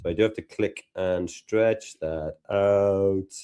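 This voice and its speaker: A man with a Liverpool accent hosting a live software lesson, chatting and thinking aloud as he works. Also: low voice, slow pace, clear, resonant tone. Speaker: tutor and host. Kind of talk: live software tutorial chat.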